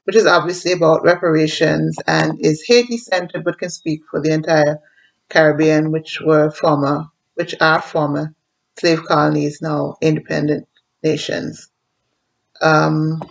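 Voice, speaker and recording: Gravelly Antiguan woman reading poetry. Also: deep voice, level tone, rough recording. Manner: rhythmic when reading, plain and explanatory with filler pauses between. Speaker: poet and writer. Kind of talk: poetry reading with explanations of dialect words.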